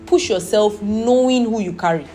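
A woman's voice: mid-range voice, normal speed, dark tone. Earnest Nigerian woman teaching a Bible lesson. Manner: earnest, repeatedly asking "Do you understand?". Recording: roomy echo with music behind.

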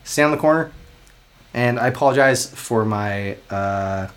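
Man, Southern American accent, casual podcast chat, animated, profane, laughing. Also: medium pitch, measured pace. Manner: animated, swearing, laughing often. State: high. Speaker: podcast co-host.

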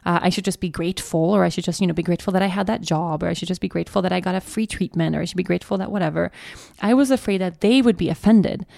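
A young woman with a low, gravelly voice tells a personal story on her podcast. She talks haltingly, often restarting and repeating words. The sound is dry and close. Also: dark tone, dry recording. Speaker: podcast host.

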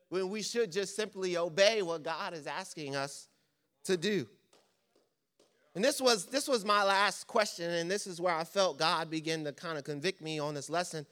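Male pastor with a bright, forceful voice preaching, pressing question after question. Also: high-pitched, clear, resonant tone. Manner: impassioned, rapid-fire rhetorical questions. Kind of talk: sermon.

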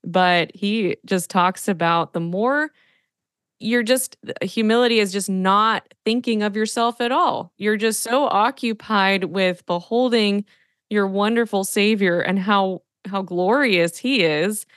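Smooth-voiced woman hosting, dry sound. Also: mid-range voice, takes it slowly, fairly bright tone, dry recording. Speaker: podcast host. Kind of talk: podcast interview.

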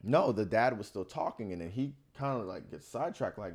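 American dude on a podcast, low voice but really animated, chill and frank, swears casually. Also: male voice, fairly quick, husky. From United States. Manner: animated storyteller acting out quoted dialogue. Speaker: podcast co-host. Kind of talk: casual chat, storytelling.

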